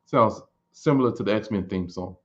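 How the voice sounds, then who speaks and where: A man in his late thirties chats loosely with his viewers. His voice sits a bit low, and he wanders and repeats words as he thinks. The recording sounds dull and lo-fi. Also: normal speed. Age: 30s. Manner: relaxed, rambling, repeats words while thinking. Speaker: streamer answering viewer questions. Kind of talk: casual chat.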